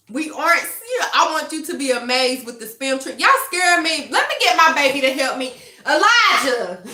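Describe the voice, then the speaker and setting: High, lively young woman streamer. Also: roomy sound. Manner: animated, laughs often, talks straight to chat. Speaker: tarot reader and livestream host. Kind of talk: casual livestream chat with viewers.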